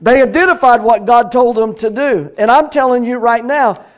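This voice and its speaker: A middle-aged pastor preaches a sermon. His voice sits high for a man. He talks in a folksy, storytelling way that builds into bursts of praise. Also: normal speed.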